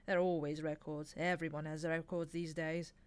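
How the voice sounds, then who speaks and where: A woman's voice: sits low, little pitch movement, normal speed, clear, resonant tone, natural voice. A woman reading aloud and voicing a sardonic, snappish male demon in an audiobook reading.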